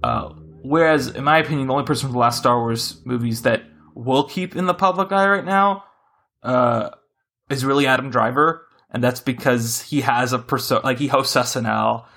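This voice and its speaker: A man hosting a casual podcast chat, rambling and correcting himself as he talks with animated shifts. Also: medium pitch, moderate pace, gravelly. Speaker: podcast host.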